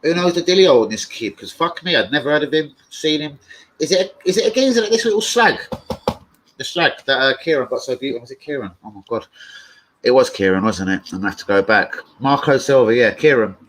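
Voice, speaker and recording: A young man chatting casually and excitably on a live stream, swearing freely as he reads chat. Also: mid-range voice, quick pace, a little hiss or hum, low-quality recording. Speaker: fan channel live streamer.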